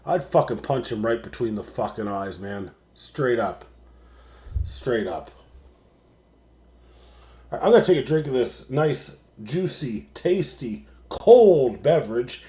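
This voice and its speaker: A young man hosting a late-night sports livestream, ranting, swearing constantly and working himself up into shouting. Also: medium pitch, expressive, takes it slowly. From Canada. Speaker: sports show host. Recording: roomy echo.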